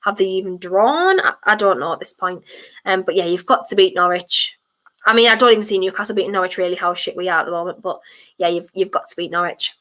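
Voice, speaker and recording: Bright-voiced North East English woman streaming. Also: on the low side, fast talker. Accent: mixed North East English, toned down. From Durham, England. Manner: chatty, blunt, mild swearing, self-deprecating. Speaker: football watchalong streamer. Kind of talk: casual live-stream chat reading viewer comments.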